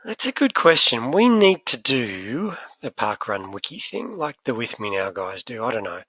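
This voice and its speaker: Australian male podcast co-host, animated and chatty, bright tone, dry close mic. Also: medium pitch, normal speed, breathy edge, no room sound. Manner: chatty, animated, laughs easily. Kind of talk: casual podcast chat.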